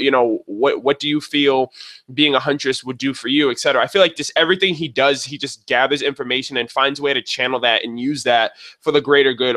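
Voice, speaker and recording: A man giving a casual, rambling spoken review of a show episode, excitable and full of fillers and restarts. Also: mid-range voice. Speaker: video reviewer.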